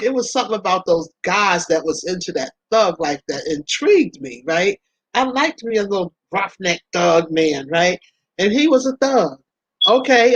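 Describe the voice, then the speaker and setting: A woman with a mid-range voice, heard in a muffled recording, hosts her own vlog channel. She talks candidly about past relationships, laughing often and addressing listeners as y'all.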